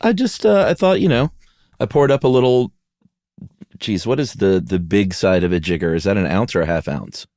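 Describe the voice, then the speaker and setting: A man with a lowish, darkish voice co-hosts a podcast, chatting casually at a normal speed. He's expressive, laid-back and jokey, humming little made-up songs, and the recording is clean studio sound with no room echo.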